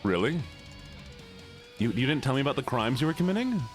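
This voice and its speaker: Lively playful male streamer. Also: mid-range voice, fairly quick, faint music behind. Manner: playful, teasing, chatting with viewers. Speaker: live streamer. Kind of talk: casual live-stream chat while playing a game.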